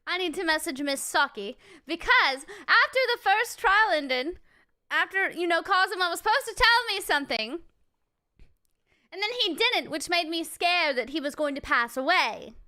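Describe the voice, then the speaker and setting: A woman streamer playing a game, reacting in an excitable, dramatic way. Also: very high-pitched, moderate pace. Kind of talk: casual game commentary.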